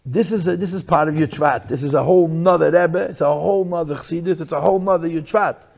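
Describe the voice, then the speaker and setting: A man speaking as a rabbi, lecturing to listeners in a room, emphatic and repetitive, swinging between loud bursts and hushed lines. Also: on the high side, fast, gravelly. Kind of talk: lecture to a live audience.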